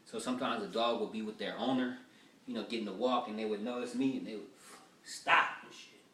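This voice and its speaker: Working out stand-up material in rough form, this comedian tells rambling, profane stories quickly in a fairly low, steady voice. He was recorded from afar, so the room's space is audible.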